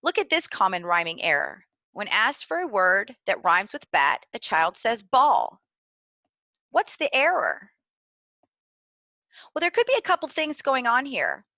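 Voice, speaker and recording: A woman giving clear, deliberately enunciated instructional narration for preschool teachers. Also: on the high side, very animated, pushed and bright, no room sound. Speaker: early literacy trainer.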